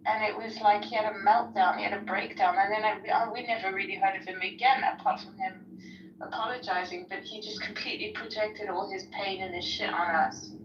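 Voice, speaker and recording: A woman's voice: medium pitch, slight background noise. A woman talking candidly in a casual chat, chatty and swearing casually. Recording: roomy, dull, distant mic.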